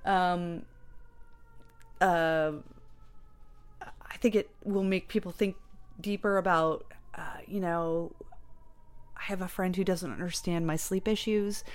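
Smooth-voiced woman rambling as a guest. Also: lowish voice, slow, pauses often. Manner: rambling, digressive, animated. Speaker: guest, creator of a stage show. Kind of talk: casual interview chat.

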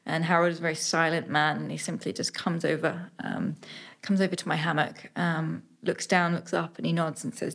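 A woman's voice: low voice, moderate pace. British woman telling adventure stories. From Britain. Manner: animated, many fillers and restarts. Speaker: adventurer guest. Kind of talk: storytelling in a podcast interview.

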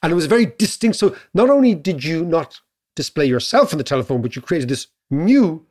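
Irish guy on a podcast, kinda high voice, chatty, keeps saying right?. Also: sing-song, a little mellow. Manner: musing, often checks in with a quick "right?". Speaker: podcast co-host. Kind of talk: casual podcast chat.

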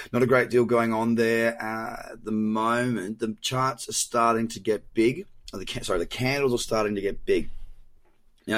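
Man, Australian accent, low-ish voice, tired from overuse, casual podcast host, chatty commentary. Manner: chatty, loose, with fillers and self-corrections. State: voice worn from overuse.

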